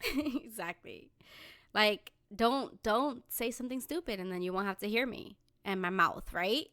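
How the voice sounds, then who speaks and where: A woman's voice: mid-range voice, unhurried, a bit bright, dry recording, studio quality. A young woman co-hosting a podcast in casual chat, sassy and emphatic, often laughing and swearing. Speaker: podcast co-host.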